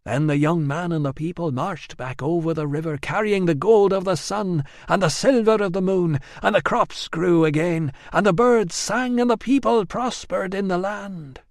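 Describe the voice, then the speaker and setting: A man narrating an audiobook in a measured, expressive reading. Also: sits high, no room sound, clean studio sound. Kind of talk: scripted narration.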